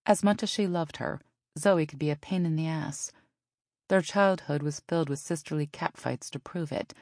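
A woman narrating a novel in an even storytelling manner. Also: deep voice, normal speed, no echo, studio quality. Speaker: audiobook narrator. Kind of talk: scripted narration.

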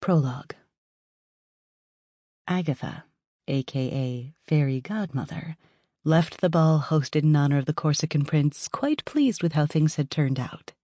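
A woman narrating a fantasy audiobook in a lively storytelling manner with rising emphasis. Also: sits low, unhurried, no room sound, clean studio sound. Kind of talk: scripted narration.

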